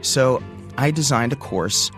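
A man in his sixties telling a personal story, animated and acting out the voices of the people in it. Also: medium pitch, a little slow, music in the background.

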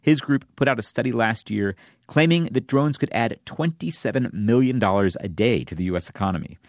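A man's voice: medium pitch, expressive, a little fast, dry recording, studio quality. A male reporter narrating a scripted radio news story.

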